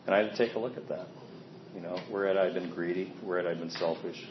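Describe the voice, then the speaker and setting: A man's voice: low-pitched, steady tone, quick pace. A man giving a candid, plainspoken personal recovery testimony, self-deprecating about his past behavior. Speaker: speaker sharing a recovery story. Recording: echoey, dull sound with faint ambient noise.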